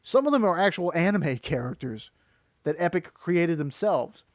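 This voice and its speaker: A man's voice: a little high, expressive, normal speed, dry recording, clean studio sound. A man giving critical, exasperated reaction commentary that rambles and restarts. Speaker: video commentator.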